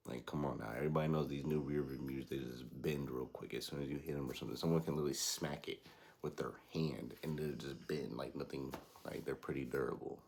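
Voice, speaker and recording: A young man hosting a podcast, telling a story casually in slangy, animated talk and imitating the people he quotes. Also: a bass voice, quick pace, vocal fry. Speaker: podcast host.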